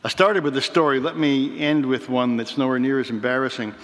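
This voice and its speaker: A man preaching a sermon in a measured, reflective way, with slow emphatic pauses. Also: medium pitch, steady tone, fairly bright tone. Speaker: pastor. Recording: reverberant hall.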